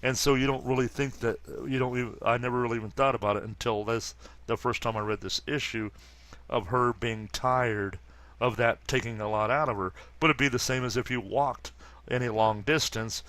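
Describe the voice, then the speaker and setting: A man around fifty reading a comic aloud and commenting casually, halting often with fillers and restarts. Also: mid-range voice, fairly even intonation, a bit bright. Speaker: comic book reader and commentator.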